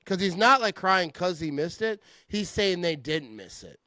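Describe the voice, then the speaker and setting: A middle-aged man hosting a casual sports chat, animated and trash-talking, laughing often. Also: sits high, a little slow, no room sound. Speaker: podcast host.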